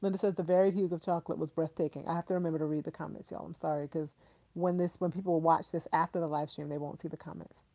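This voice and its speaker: A woman's voice: sits low, steady tone, quick pace, warm tone, no echo. A woman hosting a casual live stream, chatting effusively, laughing often and reading out viewer comments.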